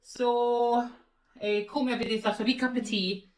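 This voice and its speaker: Chatty Scottish woman co-hosting a makeup vlog; teasing and quick to laugh; mic off at a distance in an echoey salon. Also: on the high side, fairly even intonation. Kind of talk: casual chat while doing makeup. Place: beauty salon, indoors.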